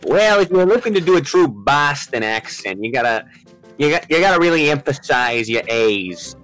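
A man's voice: mid-range voice, sing-song, normal speed, a bit bright, soft background music, rough recording. A man making dry quips while playing a tabletop game on a live stream. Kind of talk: casual chat on a live stream.

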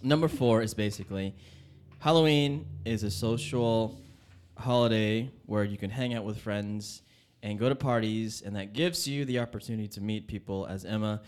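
A man's voice: lowish voice, normal speed, darkish tone, smooth. Teasing young man co-hosting a podcast. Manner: teasing, laughing. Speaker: podcast co-host. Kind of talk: casual chat.

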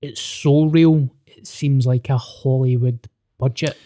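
Blunt, jokey Glaswegian podcast host. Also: male voice, mid-range voice, steady tone, takes it slowly, warm tone. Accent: Glaswegian Scottish. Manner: blunt, jokey, swears freely. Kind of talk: casual podcast chat.

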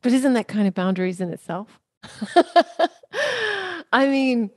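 A curious woman hosts a podcast, asking questions and answering her guest with steady affirmation. Her pitch is average for a woman, and the sound is dry and close. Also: unhurried, no room sound. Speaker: podcast host. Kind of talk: podcast interview.

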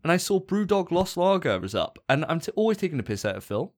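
A man's voice: on the high side, very animated, fast talker. A man co-hosting a gaming podcast, chatting casually with dry, self-mocking banter. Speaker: podcast co-host. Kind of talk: casual chat.

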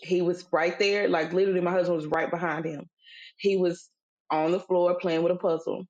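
A middle-aged woman with a lower-pitched voice, chatting casually as a podcast co-host. She tells a story conversationally, full of fillers, and slips into an emphatic, sermon-like delivery when she makes her point. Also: fairly even intonation, moderate pace, a little mellow, dull audio. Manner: conversational, acts out quoted voices, turns preachy and emphatic. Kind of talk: casual faith-based storytelling chat.

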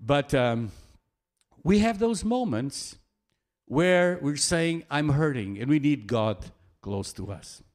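A man preaching a sermon in a slow, earnest way, with an occasional soft laugh. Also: a little high, lively intonation.

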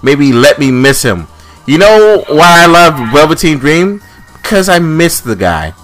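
A man's voice: a little high, big pitch swings, measured pace, fairly bright tone, soft background music. A man ranting angrily on a casual podcast, swearing often as he complains. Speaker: podcast co-host.

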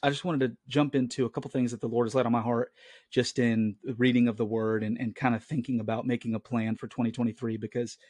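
A man's voice: mid-range voice, flat delivery, quick pace, darkish tone, dry recording. Earnest man hosting a home podcast. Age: late 20s. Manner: earnest, rambling storytelling. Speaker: Christian podcast host. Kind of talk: casual solo podcast talk. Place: at home, family in the next room. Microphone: own podcast mic.

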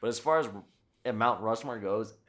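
A man hosting a podcast in casual chat, talking excitedly with lots of swearing and acting out quotes. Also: mid-range voice, normal speed, a crowd in the background. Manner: excited, profane, acts out quotes. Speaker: podcast host.

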